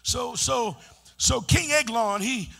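A man preaching a sermon in call-and-response style, chanting and building to shouts. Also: very high-pitched, moderate pace, husky, faint music behind.

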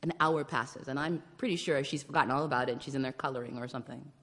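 A woman in her forties telling personal stories in a sermon, swinging between hushed whispers and loud exclamations. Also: very deep voice, quick pace, in a large hall. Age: 40s. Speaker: guest preacher and storyteller. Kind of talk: storytelling sermon. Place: church sanctuary.

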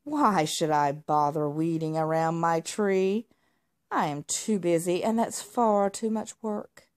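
A woman's voice: mid-range voice, expressive, normal speed, a little mellow, close to an everyday voice. Marmalade, a grumpy spoiled cat voiced by a woman. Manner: grumpy, demanding, huffy. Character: lazy spoiled snobbish male house cat.

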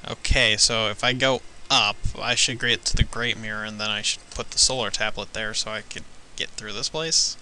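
Let's play player, bright sharp voice, dry teasing comebacks. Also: male voice, fairly low pitch, steady tone, moderate pace, slight background noise, poor audio. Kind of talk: casual game commentary.

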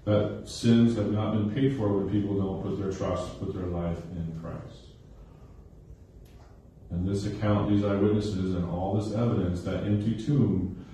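Low, mellow-voiced man preaching in an echoey hall. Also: slight background noise. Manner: checks in with listeners with frequent "okay?" and "right?"; repeats phrases for emphasis. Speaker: pastor. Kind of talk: sermon. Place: recreation center used for church service. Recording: very echoey hall, heard from a distance.

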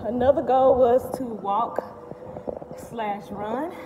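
A woman's voice: a little high, slow, big-room sound, highs cut off, noisy background. A woman vlogging while she walks on a treadmill at the gym, talking upbeat and thankful about moving her body and self-care. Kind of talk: casual vlog while working out.

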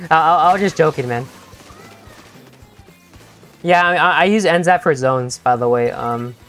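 A young man streaming a game live, talking to his teammates and chat in an excitable, stammering way that repeats itself. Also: a little high, moderate pace, soft background music. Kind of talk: live gameplay commentary.

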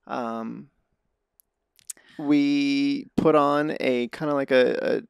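A man's voice: medium pitch, fairly even intonation, extremely slow, creaky, smooth, no echo. A man hosting a casual podcast interview, talking in a hesitant way with many restarts. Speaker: podcast host.

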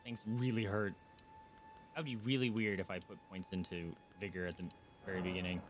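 A man streaming a video game, commentating live, excitable and yelping and swearing at the action. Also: low-pitched, brisk, noisy background.

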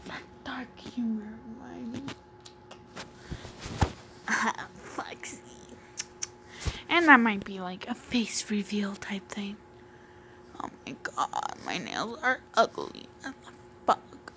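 A woman's voice: medium pitch, animated, slow, pauses often, sharp tone, slight background noise. A woman talking casually as a new YouTuber, rambling with many fillers and often half-whispering. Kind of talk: casual comic-reading vlog.

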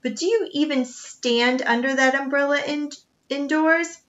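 A woman voicing a gruff, suspicious man who is a ship's cook in a storybook read-aloud, talking bluntly and accusingly. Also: high-pitched, a little slow, a bit bright, dull audio, voice pushed up.

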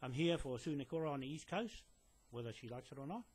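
Speaking indoors in a building, a land claimant addresses a police detective straight to camera. His medium-pitched voice is expressive, a little mellow and slightly rough, and he talks fast. He rambles with lots of fillers and restarts, sounding insistent and lecturing.

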